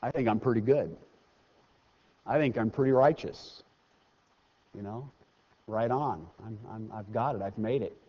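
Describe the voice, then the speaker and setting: Speaking on the low side, this pastor gives a relaxed, conversational sermon to his church congregation. He slows and lifts his voice when reading scripture and drops in joking, self-deprecating remarks, all captured with dull sound and long sanctuary reverb.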